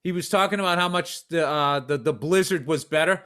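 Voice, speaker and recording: High-voiced man in profane podcast banter. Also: a little fast. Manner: profane, animated storytelling. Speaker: podcast co-host. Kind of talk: casual podcast chat.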